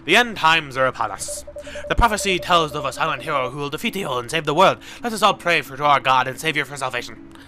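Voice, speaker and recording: A man voicing a male preacher who proclaims the end times loudly and solemnly, over loud background music. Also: fairly high pitch, lively intonation, fast, voice pushed up.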